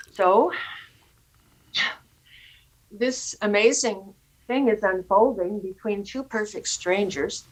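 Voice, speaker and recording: A woman slowly telling a personal story to a meditation group over a video call, earnest and halting, with pauses and fillers. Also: mid-range voice, low-quality recording.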